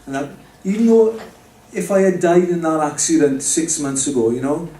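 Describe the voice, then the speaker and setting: Speaking to a live audience in a pub or club, a man shares his personal faith testimony conversationally, addressing listeners directly. His voice is a little high, expressive and dark in tone, at normal speed. The mic sits distant in a roomy space, with faint background noise.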